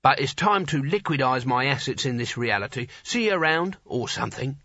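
A man's voice: mid-range voice, lively intonation, fairly quick, bright, forceful tone, dry recording, dull audio. A man voicing a laid-back male genie who drawls in an offhand, slangy way.

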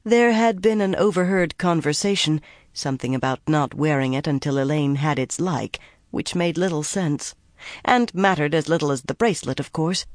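An audiobook narrator reading a fantasy novel in a measured, even storytelling manner. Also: mid-range voice, no echo, studio quality. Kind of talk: scripted narration.

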